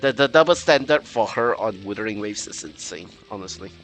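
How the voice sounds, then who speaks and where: A male streamer ranting casually to his chat with many "like"s and restarts, often swearing. His voice is bright, and faint music plays underneath. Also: lowish voice, animated, brisk. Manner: rambling, frustrated, swearing, many fillers.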